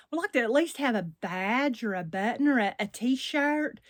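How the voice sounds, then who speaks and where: Southern woman vlogger, rambling casual chat, voice a bit high, dry close sound. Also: lively intonation, slow pace, no echo. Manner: chatty and rambling, warm Southern slang. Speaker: doll channel host.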